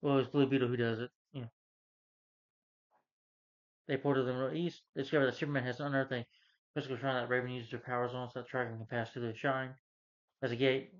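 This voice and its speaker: Briskly but with frequent pauses, a male movie reviewer with a mid-range voice and little pitch movement retells a plot in a loose, rambling manner full of "you know" fillers. The sound is dull and lo-fi.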